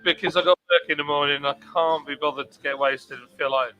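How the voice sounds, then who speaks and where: A man's voice: on the high side, fairly even intonation, brisk, bright, forceful tone, lo-fi sound. A man hosting a casual livestream chat, reading out viewer comments in a laid-back, chatty way. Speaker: livestream host. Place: home.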